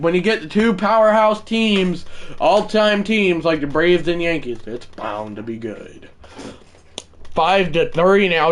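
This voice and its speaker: A man calling his own baseball video game like a broadcaster, shouting on big hits and rambling in self-mocking asides between plays. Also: sits high, measured pace, slight background noise. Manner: mock broadcaster calls that burst into shouting. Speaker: gaming streamer. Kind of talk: casual play-by-play of a video game.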